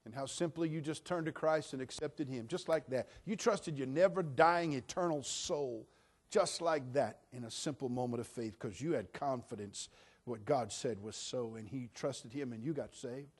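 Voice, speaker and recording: A man with a notably high voice preaching a sermon. He moves from quiet, drawn-out emphasis to loud, climbing exhortation, talking straight to the congregation. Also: slightly rough. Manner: animated, swings from hushed to shouting. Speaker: pastor.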